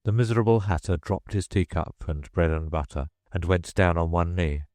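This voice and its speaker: A man's voice: sits low, normal speed, no echo. A man reading a children's classic aloud as an audiobook narrator, telling it expressively. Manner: expressive storytelling. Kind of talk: scripted narration.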